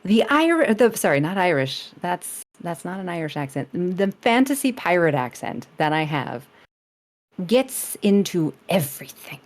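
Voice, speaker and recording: A woman with a notably low voice chats as a guest on a podcast interview. She rambles through her stories, restarting sentences and laughing often. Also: sing-song, moderate pace, few pauses. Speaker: streamer guest. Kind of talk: casual podcast interview chat.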